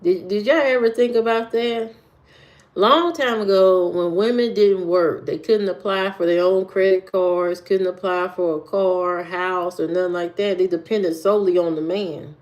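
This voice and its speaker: A woman from Indiana hosts a casual livestream and answers her viewers at an unhurried, drawn-out pace. Her delivery rambles, doubles back, and repeats phrases while she works out what to say next. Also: fairly low pitch, fairly even intonation, a little mellow, muffled recording. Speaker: livestream host.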